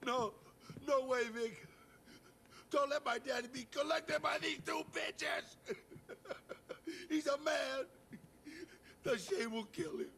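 Shrill, hysterical young gangster. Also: male voice, takes it slowly, gravelly, long pauses, bright, forceful tone, slight background noise, exaggerated voice. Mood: sobbing. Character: hysterical young male gangster, crying and whiny.

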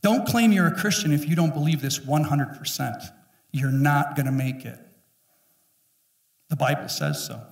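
A man in his fifties preaching a sermon as pastor, emphatic and joking, often acting out quick voices. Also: fairly high pitch. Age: 50s. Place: church sanctuary. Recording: echoey room, mic at a distance.

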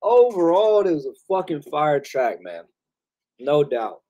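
A man hosting a live music review stream, talking loud and loose with heavy slang and swearing, laughing often. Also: on the high side, very animated, a little slow, highs cut off. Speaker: host reviewing submitted music. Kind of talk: casual live-stream chat.

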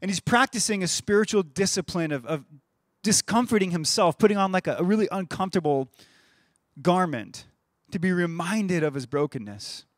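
A pastor in his thirties delivers a sermon in a conversational, animated way. His voice sits fairly high for a man. The sound is dry and close, with no room echo. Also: normal speed. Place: church stage.

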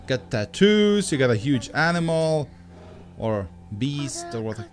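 A man giving let's play commentary, excitable, with loud exclamations and swearing as he plays. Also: medium pitch, measured pace, soft background music. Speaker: gameplay commentator.

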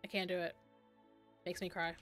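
A woman's voice: fairly low pitch, flat delivery, normal speed, fairly bright tone, faint music behind. A young woman streaming a game, chatting casually, gushing and swearing, laughing often.

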